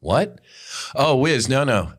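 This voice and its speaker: A man's voice: mid-range voice, very animated, takes it slowly, husky. A man hosting a podcast, delivering an angry, profane and blunt unscripted monologue. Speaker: podcast host.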